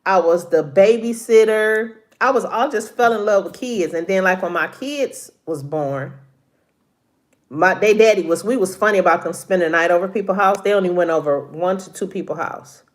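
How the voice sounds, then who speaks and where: A woman's voice: medium pitch, moderate pace. A middle-aged woman chatting casually with viewers on a live stream, laughing often, a little congested from allergies.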